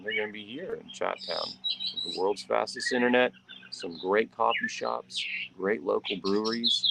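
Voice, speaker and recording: Chatty man outdoors, birds loud. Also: sits low, gravelly, very noisy. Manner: rambling and chatty, with restarts. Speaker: author and vlog host. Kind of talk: casual morning chat. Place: outdoors under a tree.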